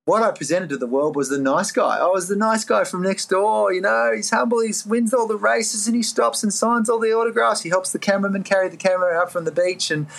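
A man's voice: fairly quick, creaky, hardly any pauses. Earnest Australian man telling his story. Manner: earnest, animated, jumps into a higher voice to act out his own past thoughts. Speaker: guest, life coach. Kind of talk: reflective podcast storytelling.

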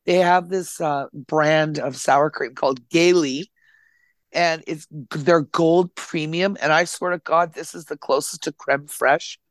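A man's voice: a little high, fairly even intonation, unhurried, fairly bright tone, no room sound. A man hosting a podcast, chatting casually and enthusiastically and swearing freely as he talks. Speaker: podcast host. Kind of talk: casual chat. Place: Nova Scotia home recording.

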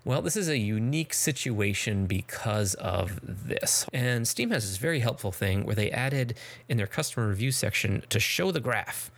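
Gravelly low-voiced chatty host. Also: male voice, lively intonation, moderate pace. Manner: chatty, laughs often, loose restarts. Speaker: podcast host. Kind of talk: casual group chat.

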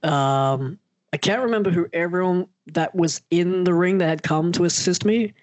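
A man's voice: sits high, moderate pace, no echo, dull audio. A man, a wrestler, telling a story in casual talk and acting out the voices he quotes. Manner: animated, acts out quoted voices.

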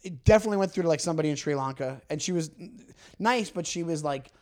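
Brief: podcast co-host, a man with a high voice, animated comic storyteller who acts out the lines. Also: quick pace.

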